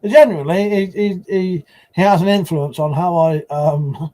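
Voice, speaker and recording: A man's voice: sits high, unhurried, warm tone. A man hosting a casual live stream, rambling and swearing as he answers chat.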